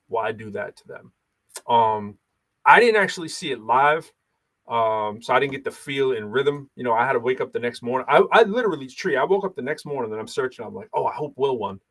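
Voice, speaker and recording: A man in his thirties, host of a relaxed talk show, who rambles with lots of fillers and frequent laughs. His pitch climbs and dips a lot as he talks. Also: vocal fry. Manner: animated, laughs often, many fillers. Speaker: podcast host and battle rapper. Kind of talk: casual chat.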